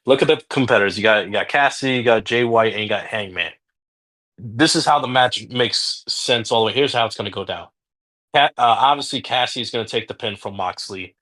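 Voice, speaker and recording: A man's voice: medium pitch, a little fast, pushed and bright. A man from the United States co-hosting a casual wrestling podcast, rambling and swearing freely. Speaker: podcast co-host.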